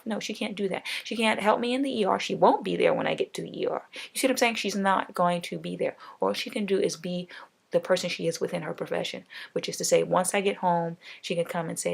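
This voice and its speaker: A woman talks straight to the camera in a casual, ranting monologue, hammering her advice home through repetition. Her voice is heavy with vocal fry, with a rough, husky edge. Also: fairly low pitch, fast talker. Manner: emphatic, repetitive, advice-giving. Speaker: vlogger.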